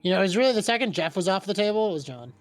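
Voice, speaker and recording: A man's voice: high-pitched, lively intonation, very fast, no echo. A man co-hosting a live stream, chatting casually and joking about his computer. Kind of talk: casual chat.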